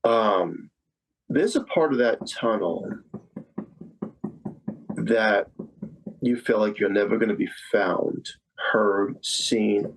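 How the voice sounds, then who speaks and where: A man's voice: fairly low pitch, slow pace, long pauses, rough recording. A man in his fifties from Staten Island, a psychic medium guest telling a personal story in conversation, earnest and repeating phrases for emphasis. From Staten Island, New York. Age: 50s.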